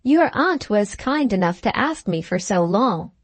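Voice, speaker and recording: Sincere, innocent young lady, read by a woman narrator; gentle, a little raised. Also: medium pitch, very animated, measured pace, dry recording.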